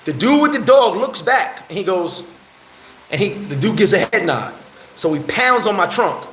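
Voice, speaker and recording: Animated New man telling a story. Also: high-pitched, normal speed, reverberant, a little hiss or hum, rough recording. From New York. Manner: animated, heated storyteller, acts out quotes. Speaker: vlogger answering live chat. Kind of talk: casual live-stream storytelling. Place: bar in the Dominican Republic.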